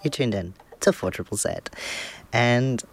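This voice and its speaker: A man's voice: mid-range voice, unhurried. A man hosting a community radio show in a small studio, chatting casually in a rambling, self-deprecating way. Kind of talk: casual on-air chat. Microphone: studio microphone.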